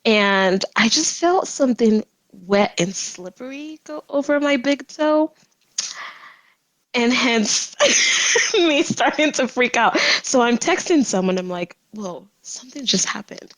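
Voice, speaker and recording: Animated young woman telling a story. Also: on the high side, slow pace, no echo, rough recording. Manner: animated, laughs often while telling. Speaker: podcast guest. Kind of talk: casual storytelling.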